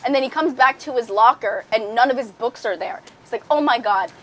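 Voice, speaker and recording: A woman's voice: on the high side, brisk, fairly bright tone. A young woman hosting a casual chat with friends, telling a story with frequent giggles. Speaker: podcast host.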